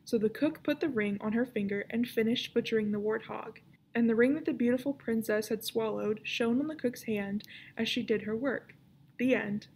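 A woman librarian reads a children's novel aloud with expressive storytelling. Her voice is gravelly and mellow, with a slightly raised pitch. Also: normal speed, a little hiss or hum.

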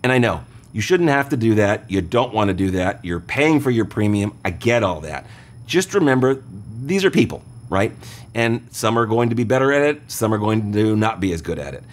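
A man's voice: fairly low pitch, sing-song, moderate pace. Conversational man hosting a radio advice show. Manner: conversational, explains step by step, checks in with listeners. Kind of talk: call-in radio advice talk.

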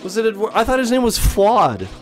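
A young man chatting through a let's play, excitable and foul-mouthed. His voice sits slightly high for a man, with faint game music behind him. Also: fast talker. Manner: excitable, swears a lot, shouts when winning. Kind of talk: casual gaming chat.

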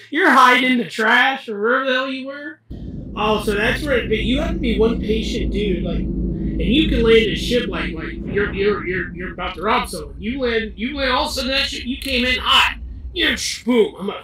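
A man on voice chat, excitedly retelling a game moment with lots of swearing, through a cheap microphone. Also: very high-pitched, a little fast. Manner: excitable, swearing, laughing storyteller. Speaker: fellow player on voice chat. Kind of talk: casual gaming chat. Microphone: cheap desktop mic. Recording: echoey, distant cheap mic.

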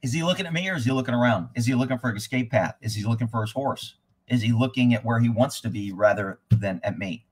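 A man's voice: mid-range voice, fast, slightly rough. A man who trains horses, giving blunt, rambling live commentary over riding footage and swearing freely.

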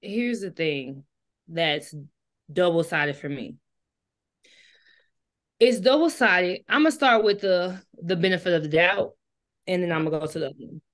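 A woman joining a casual book discussion as a guest, talking the story through expressively and weighing both sides. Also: on the low side. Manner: expressive retelling, then measured and reflective. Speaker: guest co-reader.

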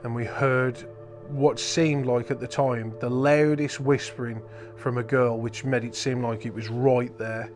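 A man exploring an old empty building on a ghost hunt, talking casually between hushed remarks and loud calls out. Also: medium pitch, flat delivery, measured pace, few pauses, faint music behind. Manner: hushed, then calling out loudly. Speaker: ghost hunter. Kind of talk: casual chat while exploring.

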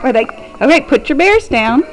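Animated, high-voiced woman teacher. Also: moderate pace, poor audio. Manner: animated, encouraging, sing-song prompting. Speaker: preschool teacher. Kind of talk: guiding children through a story. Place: classroom.

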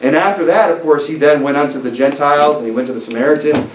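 A man's voice: on the high side, fast, far from the mic. A man preaching a sermon in a church and reading scripture aloud, speaking emphatically with frequent fillers and restarts. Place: church sanctuary. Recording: echoey church recording from afar, faint noise.

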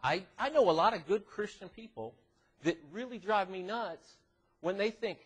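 A man giving a youth devotional at church in an animated, joking way, teasing the teenagers in front of him. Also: high voice, normal speed, husky. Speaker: youth minister. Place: church classroom.

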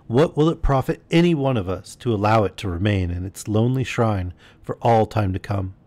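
A man's voice: fairly low pitch, fairly quick, darkish tone, lightly acted. A man reading aloud and voicing a wise, solemn male immortal from a storybook, with a grave, earnest delivery. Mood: pleading.

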